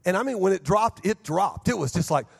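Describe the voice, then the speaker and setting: Middle-aged male pastor, higher-pitched voice, animated storyteller with vocal sound effects, stumbling restarts. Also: a little fast, vocal fry, breathy edge. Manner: repeats and restarts words in bursts. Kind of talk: sermon with storytelling.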